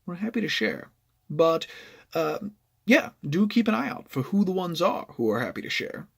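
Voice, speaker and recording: A man's voice: high-pitched, big pitch swings, normal speed, creaky, husky. A man telling a storytime vlog about online gaming, explaining at length and checking in with "right?". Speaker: gaming vlogger.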